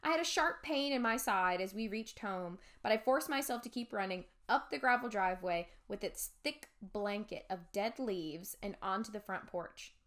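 A woman's voice: mid-range voice, normal speed, hardly any pauses, fairly bright tone. A woman teacher reading a chapter book aloud to a class, stopping to explain words in simple terms.

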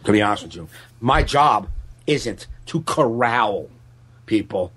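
This stand-up comedian's voice is fairly low and husky, and he keeps a measured pace while spinning a story on a casual podcast. Animated and full of swearing, he mimics the voices of other people.

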